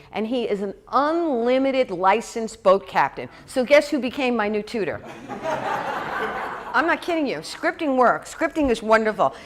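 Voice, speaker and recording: Chatty, lively woman minister preaching. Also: on the high side. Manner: lively, chatty preaching with asides and quick laughs. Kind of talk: sermon. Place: church hall.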